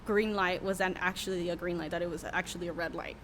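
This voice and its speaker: A woman's voice: lowish voice, fairly even intonation, fast talker, slight background noise. A young adult woman, a worship leader who is a podcast guest, telling a candid, emotional story with many fillers in a casual interview.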